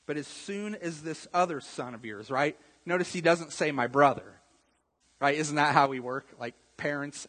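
A man preaching a sermon as pastor, building up to emphatic, forceful bursts. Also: a little high, normal speed, slightly rough, big-room sound, poor audio.

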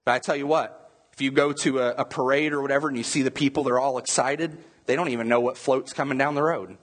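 A man's voice: mid-range voice, fairly even intonation, fast, slightly rough. A man preaching a sermon as a pastor, talking to the congregation in a loose, conversational way. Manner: conversational preaching with acted-out crowd voices.

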